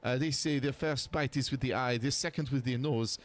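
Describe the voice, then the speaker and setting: A man's voice: medium pitch, fairly even intonation, normal speed, voice pushed up, natural voice. A man voicing a gracious French woman sommelier in a put-on French accent, dropping in French phrases and tripping over words. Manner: slips into bits of French, stumbles over words.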